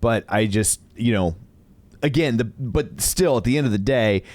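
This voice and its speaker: A man's voice: mid-range voice, expressive, moderate pace, a little mellow, no room sound. A man co-hosting a podcast in casual chat, making wry jokes and asides. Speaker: podcast co-host.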